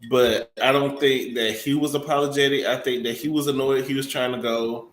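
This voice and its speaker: A man's voice: medium pitch, steady tone, normal speed. A man co-hosting a casual gossip chat, matter-of-fact and opinionated. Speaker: co-host. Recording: roomy echo, faint noise.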